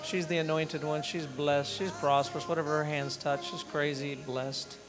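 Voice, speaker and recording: With music in the background of a dinner event room, a middle-aged man speaks at a moderate pace in a slightly high voice that barely shifts in pitch. He's leading the gathering in an informal sermon and prayer, rambling and restarting frequently as he grows emotional and tears up.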